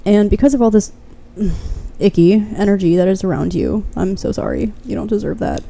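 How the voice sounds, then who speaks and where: A woman's voice: medium pitch, sing-song, normal speed, vocal fry, mellow. A woman giving a pick-a-card tarot reading straight to the viewer. She is blunt and fervent, swears freely, and keeps encouraging the listener.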